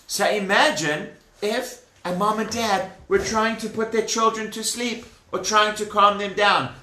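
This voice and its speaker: A man's voice: sits high, bright, forceful tone, a little hiss or hum. A man telling a Bible story to children in a chatty way, asking them questions, in a room with children listening. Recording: roomy echoey room.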